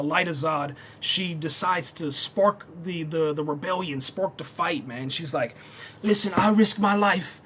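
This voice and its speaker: A man giving a casual, excitable, unscripted TV review, dropping "man" into nearly every sentence. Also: fairly high pitch, a little hiss or hum. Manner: excitable, says "man" constantly. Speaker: TV show reviewer.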